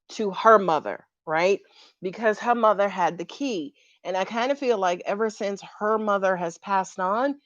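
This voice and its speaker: A tarot reader, a woman of medium pitch, streams a reading live with no echo on her voice. Emotion builds as she keeps pressing viewers for confirmation, and the audio is dull and lo-fi.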